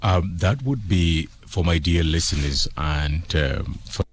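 A man's voice: extremely low pitch, lively intonation, slight background noise. A man who is a trauma counselor, speaking earnestly as a guest on a late-night radio talk show. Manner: earnest, measured, speaks of faith.

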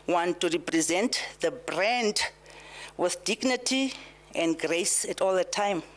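Namibian woman giving an emphatic speech. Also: mid-range voice. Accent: Namibian English with Afrikaans and Herero influence. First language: Herero. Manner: emphatic, repeats phrases, laughs at her own jokes. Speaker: pageant organization chief executive. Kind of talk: formal farewell speech with personal asides. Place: event venue before a live audience.

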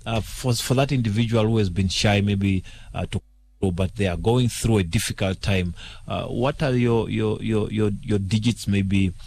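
A male radio host wraps up a late-night talk show. His voice sits a bit low, and he stumbles through his phrases with many fillers and repeated words. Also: fairly even intonation, moderate pace, gravelly, a little mellow, a little hiss or hum.

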